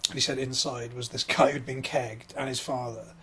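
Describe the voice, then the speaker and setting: A man's voice: mid-range voice, fairly even intonation, normal speed, fairly bright tone, slight background noise. A man co-hosting a comedy podcast, telling a rambling anecdote full of fillers in casual chat. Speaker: podcast co-host.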